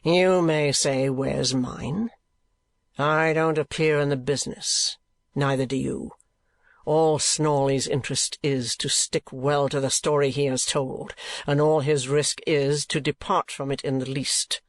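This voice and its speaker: A man's voice: fairly high pitch, fairly even intonation, measured pace, no room sound. A man voicing a cold, scheming older moneylender who speaks curtly and presses his points with emphasis. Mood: contemptuous.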